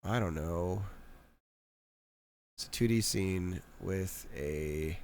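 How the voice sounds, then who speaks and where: Low voiced guy muttering thru his code on a live stream, slow and easygoing. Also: darkish tone. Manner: low-key, thinking aloud, self-mocking. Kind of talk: live coding commentary.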